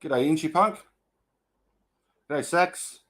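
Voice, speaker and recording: An Australian man hosting a casual livestream, greeting viewers one by one in a relaxed, matey way. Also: fairly high pitch, slow. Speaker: host.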